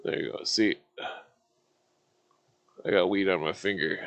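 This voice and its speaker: Speaking slowly in a low, steady, slightly bright voice and pausing often, a man in his forties rants casually to his livestream viewers, cursing nonstop and cracking himself up.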